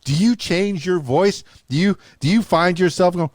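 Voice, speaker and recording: A man's voice: high-pitched, moderate pace, few pauses, a little mellow, slight background noise. A man hosting a podcast, asking questions in an enthusiastic, talkative way. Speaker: podcast host. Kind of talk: casual interview chat.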